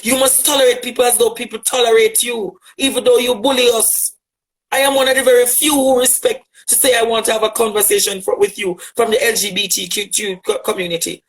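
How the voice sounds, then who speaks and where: Brisk and level in tone, this very high, slightly bright voice belongs to a man from Jamaica who speaks with a Jamaican accent. As an LGBTQ advocate, he addresses a critic in a fiery, impassioned monologue packed with rhetoric and repeated phrases. The recording is rough.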